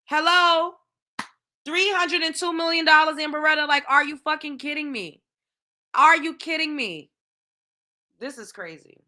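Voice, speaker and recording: A woman's voice: high-pitched, moderate pace, sharp tone. A woman hosting her own show, ranting in heated, profane commentary with lots of exclamations. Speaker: show host.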